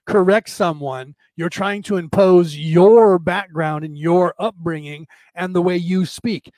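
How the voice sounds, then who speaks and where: American guy hosting a stream, rattles on fast with lots of "right?", voice a touch high, dry close mic. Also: a little mellow, no room sound. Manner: fast, rambling, full of "right?" and mock voices. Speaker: host of a live-streamed show. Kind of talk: casual rambling monologue. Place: home setup, camera off.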